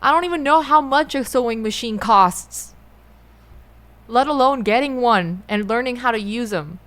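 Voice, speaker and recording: A young adult woman talking through her feelings in a personal monologue, halting and often rephrasing herself. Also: a little high, fairly bright tone. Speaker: musician and host.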